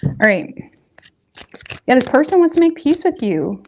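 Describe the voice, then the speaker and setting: A woman's voice: high voice, sing-song, normal speed, a little mellow, a little hiss or hum. A woman giving a casual tarot reading, talking straight to her viewers in a loose, rambling, colloquial way. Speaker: tarot reader.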